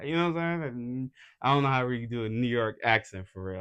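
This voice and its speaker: Young dude from atlanta rambling on his vlog, chill and slangy, mid-pitched voice. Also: lively intonation, brisk, few pauses, a bit bright, clean tone. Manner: laid-back slangy rambling, full of "you feel me". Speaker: unsigned model and vlogger. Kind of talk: casual vlog chat.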